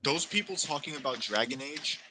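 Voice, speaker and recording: Casting: male podcast host, blunt opinions, very bright, tense tone, mid pitch. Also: expressive, brisk, rough recording. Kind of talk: casual chat.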